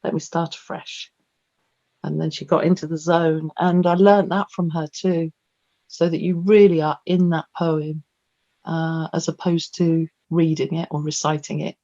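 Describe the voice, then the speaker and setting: This woman has a low voice and a moderate pace, and there's no echo. In a casual Q&A about performing poetry, the featured poet rambles chattily and tells stories with animation, her video call audio sounding dull and lo-fi.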